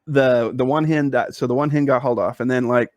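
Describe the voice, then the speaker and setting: Man, podcast co-host, rambling story, middle pitch, dry close sound. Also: fairly even intonation, a little fast, no echo. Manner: rambling, with many fillers and restarts. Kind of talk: casual storytelling chat.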